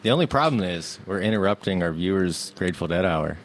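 A male host with a very deep voice drops short, dry remarks into the chat. A faint hum runs behind him in the studio, and his lines stay brief. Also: lively intonation, fairly quick. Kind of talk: casual chat.

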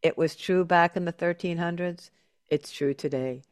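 A woman's voice: on the low side, moderate pace, no echo, clean studio sound. A woman hosting a talk show, telling stories emphatically and chatting with her guest. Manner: animated, emphatic storyteller. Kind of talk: casual interview chat.

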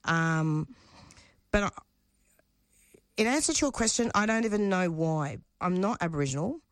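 A woman with a low voice talks openly about what drives her work, often stumbling and repeating words as the feeling builds. The sound is dry and close. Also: expressive, no room sound. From Australia. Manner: halting, repeats words, emotional and frank. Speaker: radio show producer and host. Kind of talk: interview guest, candid conversation.

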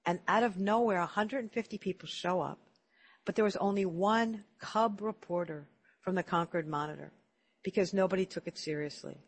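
A man's voice: sits high, moderate pace. Chatty man hosting an interview. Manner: chatty, repeats words when starting sentences. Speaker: interview host. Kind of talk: casual storytelling interview.

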